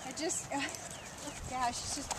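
A woman riding student talking with her coach, speaking haltingly and searching for words. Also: high-pitched, steady tone.

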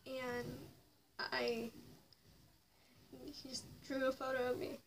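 Slow, monotone and gravelly, this young woman's high voice carries a confessional story told to camera for her vlog. She often drops to a whisper, then rises sharply in anger. There's faint noise on a mic placed slightly far off.

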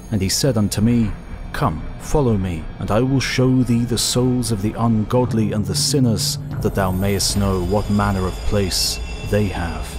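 Man, low voice, solemn measured scripture reading, scripted narration, faint music underneath. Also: darkish tone.

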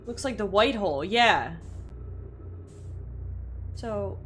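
A woman streaming a game and talking through it live, excitable, shrieking, laughing and swearing when things go wrong, and reading the on-screen text aloud. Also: medium pitch, slow pace, slight background noise. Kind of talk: live gameplay commentary.

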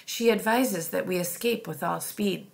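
A woman voicing a gentle, worried man speaking in a whisper. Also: fairly low pitch, measured pace, creaky. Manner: whispering, unhappy. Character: worried, gentle male noble.

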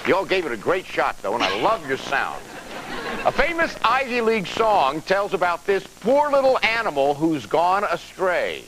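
A man's voice: high voice, sing-song, normal speed, very noisy. A man hosting a TV game show with upbeat quizmaster patter, recorded in a studio with an audience. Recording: loud TV studio broadcast with music and crowd. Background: music and studio crowd.

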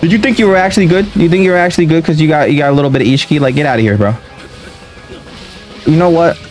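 Young guy, angry gameplay commentator, trash-talks nonstop, slightly high voice, soft music bed. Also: rapid-fire. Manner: ranting, trash-talking opponents. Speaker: gaming video creator.

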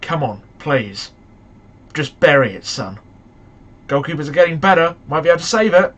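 Excitable man commentating a game. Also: fairly high pitch, moderate pace, dull audio. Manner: excitable, frustrated outbursts and shouting at the match. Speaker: gaming YouTuber. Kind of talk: football manager game commentary.

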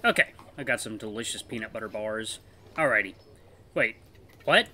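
Animated man hosting a game playthrough. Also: fairly low pitch. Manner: animated, chatty, quick laughs. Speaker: let's play host. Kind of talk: reading a visual novel aloud.

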